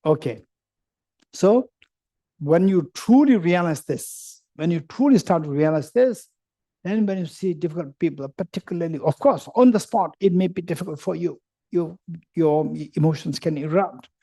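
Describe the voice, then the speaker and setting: A man's voice: fairly high pitch, lively intonation, moderate pace, dark tone. A man giving a Buddhist teaching to a retreat group, playfully telling stories and acting out the dialogue as he checks that listeners follow. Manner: playful storyteller who acts out everyday dialogue; repeats points and checks understanding with the audience.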